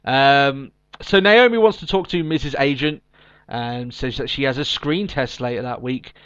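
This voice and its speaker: Man, podcast co-host, casual chat, lots of ums, middle pitch, dull lo-fi sound. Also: moderate pace, fairly bright tone, clean tone. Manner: chatty, recaps with many ums and restarts.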